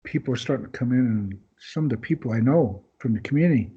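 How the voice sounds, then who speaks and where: Rambling storyteller man, husky voice. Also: mid-range voice, expressive, quick pace, mellow. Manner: rambling anecdotes, acting out other people's lines. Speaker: podcast guest. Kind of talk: casual storytelling. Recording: dull lo-fi podcast audio.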